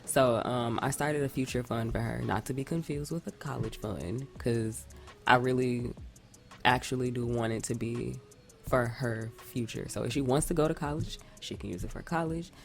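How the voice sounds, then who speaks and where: Brief: woman podcast co-host, very deep and gravelly, congested nasal tone, rambling casual chat. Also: moderate pace, faint music behind. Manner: rambling, restarts often. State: stuffy nasal voice from a cold.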